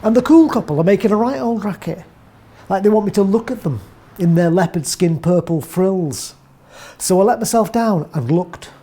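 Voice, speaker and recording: A woman with an English accent delivering a wry, deadpan first-person comic monologue as a narrator. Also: medium pitch, moderate pace, breathy edge.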